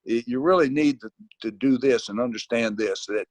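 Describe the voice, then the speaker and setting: An older man reads a kids' picture book aloud and keeps drifting off the page into his own chatty asides. His delivery is halting, full of fillers and restarts. The sound is dry and close, with no room echo. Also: mid-range voice. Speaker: guest reader. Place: at home.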